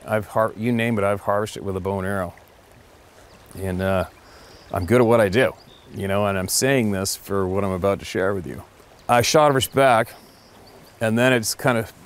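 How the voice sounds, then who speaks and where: A middle-aged man, a hunting guide, telling a story in a rambling, animated way that circles back and repeats words. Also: lowish voice, slight background noise. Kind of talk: casual storytelling.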